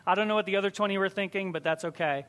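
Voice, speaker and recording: A man with a high voice delivers a sermon to his congregation. His preaching is conversational and emphatic, leaning on key words and repeating them for weight. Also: racing, fairly bright tone.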